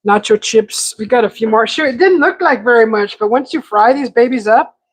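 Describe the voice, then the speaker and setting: A woman's voice: fairly high pitch, a little fast, low-quality recording. Chatty woman cooking in her kitchen. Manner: chatty, talks to the food while cooking. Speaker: cooking show host. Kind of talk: casual live cooking chat. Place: home kitchen.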